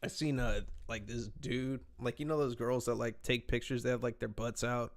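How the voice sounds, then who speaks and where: A man's voice: medium pitch, steady tone, moderate pace. A man chatting casually on a podcast, telling laid-back stories and swearing freely. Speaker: podcast host. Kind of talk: casual chat.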